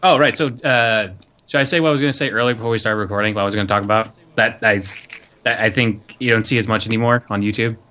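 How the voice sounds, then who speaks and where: A man's voice: fairly low pitch, fairly even intonation, fast, bright, forceful tone. A man talking in a casual podcast chat, rambling through stories and laughing often at his own jokes. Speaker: podcast co-host.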